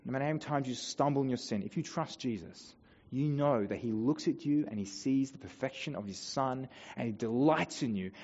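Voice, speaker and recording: An earnest male pastor preaching in a church hall, his voice trailing off into a long reverb. The sound is dull and muffled, and his pitch sits in a middling range. He presses hard on key lines, then falls quiet. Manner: earnest preaching, builds to emphatic peaks then drops soft. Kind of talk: sermon.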